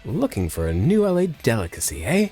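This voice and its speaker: A man's voice: huge pitch swings, a little fast, warm tone, soft background music. A man voicing an eager woman who sells burgers in a video game. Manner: eager sales pitch. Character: cheery woman burger cook.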